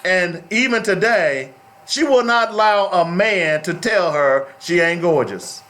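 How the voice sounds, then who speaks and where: Middle-aged male radio host, slightly high voice, preachy monologue with repeated emphasis. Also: measured pace, pushed and bright.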